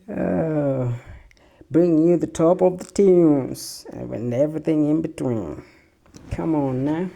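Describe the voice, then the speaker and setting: A man's voice: medium pitch, vocal fry, mellow. A man hosting a casual solo podcast, laid-back, laughing often and swearing freely. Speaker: podcast host.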